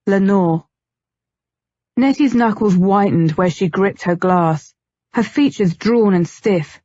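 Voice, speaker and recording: A woman narrates a scripted audiobook in a measured, even storytelling manner. Her voice is mid-range, with no room sound and the high frequencies cut off.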